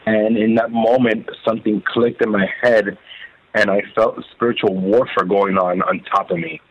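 A man telling his own story as an interview guest, halting and repeating words as he recounts it. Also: on the low side, level tone, no echo. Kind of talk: emotional first-person testimony. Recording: phone-like narrow band.

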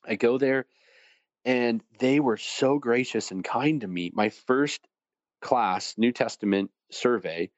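A man being interviewed as a guest, telling stories in a lively way and acting out the voices of people he quotes. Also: mid-range voice, slow, no room sound, dull audio. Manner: animated, acts out quoted voices. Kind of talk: conversational storytelling.

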